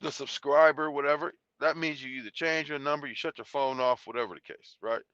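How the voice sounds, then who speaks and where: A man's voice: mid-range voice, fast talker, pushed and bright, smooth, dry recording. A man hosting a live stream, talking bluntly and profanely in a rambling way with many restarts. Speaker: YouTube channel host. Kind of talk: live stream talk reading chat. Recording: dull lo-fi sound.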